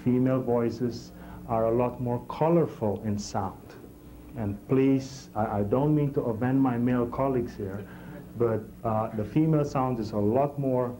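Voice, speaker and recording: A man teaching a technical class in a classroom, halting and repeating words as he explains and checking in with the class. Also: medium pitch, mellow, a little hiss or hum, rough recording. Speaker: instructor.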